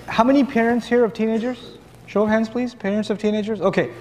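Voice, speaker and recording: High-voiced man preaching in an echoing hall. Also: fast talker, slight background noise. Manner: animated, acts out dialogues for the audience. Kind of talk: sermon. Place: large hall with long reverb.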